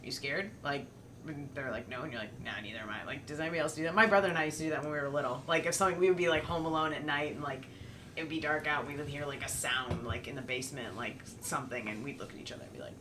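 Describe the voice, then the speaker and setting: A woman's voice: deep voice, fairly bright tone. A woman joking playfully in a casual podcast chat. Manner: playful, joking, quick to laugh. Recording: distant mic with background noise.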